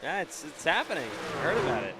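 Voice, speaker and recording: A man with a congested, stuffed-up voice giving casual live commentary on a sim race as the stream host, relaxed and chatty with frequent fillers. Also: on the high side, fast, heavy background noise.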